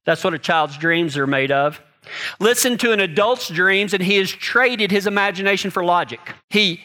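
A man with a high-pitched, sharp voice preaches a sermon in a folksy, conversational style, sharing personal stories, often repeating words and checking in with "okay?" and "right?".

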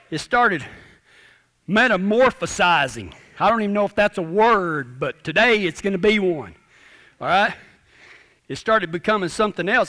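A middle-aged man preaching through a rambling cowboy yarn. His voice sits high and has a bright, forceful edge. He pokes fun at himself in a folksy way. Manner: folksy, self-deprecating cowboy humor. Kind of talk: humorous storytelling sermon.

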